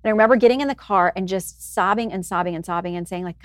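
Fast-talking woman telling a candid story. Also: medium pitch, no echo, clean studio sound. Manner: earnest, emotional, candid and reflective. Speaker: news anchor and author, guest. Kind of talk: personal storytelling in an interview.

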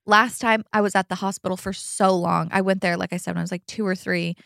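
A woman's voice: medium pitch, fairly even intonation, fast talker, gravelly, fairly bright tone, no room sound, clean studio sound. Chatty young woman telling a story. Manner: chatty, filler-heavy, laughs often. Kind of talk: casual storytelling chat.

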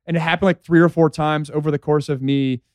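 Laid-back male podcast co-host, slightly high voice, smooth, dry close mic. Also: steady tone, quick pace, darkish tone, dry recording. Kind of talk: casual chat.

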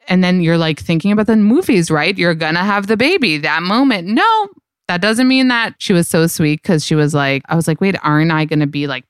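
A young woman tells her story on a podcast in a smooth, slightly low voice. She talks candidly and swears freely, peppering her speech with fillers. The sound is close and dry. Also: no room sound. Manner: candid, profane, lots of "like". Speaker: podcast host. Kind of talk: casual storytelling chat.

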